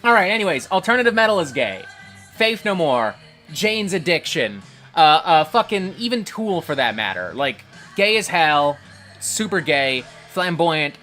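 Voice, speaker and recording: A man's voice: on the high side, sharp tone. A man hosting a livestream, reading chat and ranting in a profane, combative way. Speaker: livestream host.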